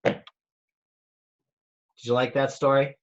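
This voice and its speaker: A rabbi reading a picture book aloud to children over a video call, slow and playful, asking them questions. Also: male voice, medium pitch, little pitch movement, muffled recording.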